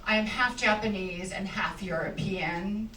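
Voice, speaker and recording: A middle-aged woman with a mid-range voice does stand-up on a comedy club stage, wry and conversational, often laughing as she talks. Her delivery is measured, pushed and bright, with a little hiss or hum. The recording has roomy, distant club sound, with audience laughter behind her.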